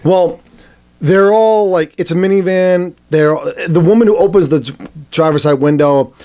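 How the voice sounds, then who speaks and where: A man co-hosting a podcast in loose, casual chat, telling a long story with plenty of restarts. His voice sits a bit high for a man. He acts out the people in the story in quick high voices. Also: warm tone. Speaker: podcast co-host.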